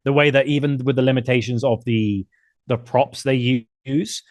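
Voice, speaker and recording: A man's voice: medium pitch, fairly even intonation, normal speed, no echo, clean studio sound. A man hosting a casual film podcast, talking enthusiastically and now and then acting out lines in funny voices. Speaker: podcast host.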